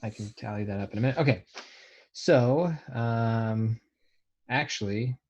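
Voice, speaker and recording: A man's voice: medium pitch, measured pace, darkish tone, lo-fi sound. A man playing a tabletop game, talking through his turn in a dry, understated way. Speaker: player.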